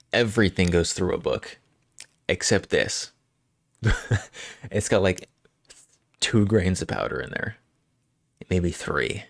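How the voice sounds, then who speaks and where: A man streaming live, chatting casually with frequent chuckles and halting restarts as he rambles. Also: low-pitched, vocal fry, dry recording, studio quality.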